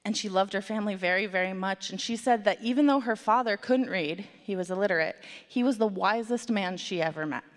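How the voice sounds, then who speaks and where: A woman telling a story to children and the congregation at a worship service, in an animated, conversational way with playful asides. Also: mid-range voice, fairly quick, few pauses. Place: church sanctuary. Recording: long hall reverb.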